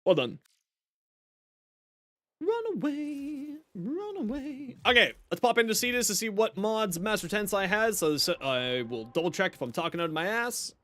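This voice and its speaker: Chatty high-voiced male streamer. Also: lively intonation, brisk, few pauses, pushed and bright, no echo. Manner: chatty storyteller who laughs often. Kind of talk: casual gameplay commentary.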